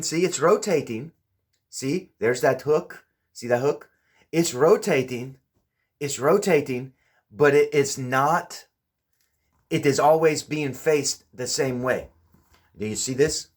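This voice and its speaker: A man giving a casual hands-on explanation with objects, often stopping to ask the viewer whether they see it. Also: medium pitch. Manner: keeps checking with the viewer, repeating "do you see". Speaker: presenter demonstrating with objects.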